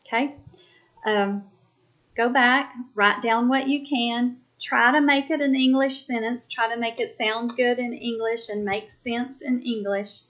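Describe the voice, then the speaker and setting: A woman teaching a sign language class, calling out quiz items slowly and deliberately, then explaining each sentence. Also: on the high side, fairly even intonation, fairly bright tone. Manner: slow, deliberate, spells out each item. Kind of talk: slow classroom quiz dictation. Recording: dull lo-fi recording.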